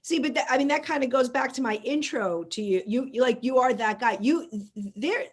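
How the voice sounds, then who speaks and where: A woman host with a slightly raised pitch talks through her point in a loose, rambling way. She circles back and repeats words while she looks for the phrase she wants. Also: fairly quick, slightly rough. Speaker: podcast host. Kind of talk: casual interview chat.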